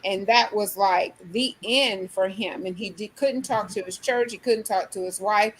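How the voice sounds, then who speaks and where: A woman's voice: medium pitch, moderate pace, a bit bright, a little hiss or hum, rough recording. A woman in a discussion who retells a story earnestly, often saying "like". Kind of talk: casual discussion.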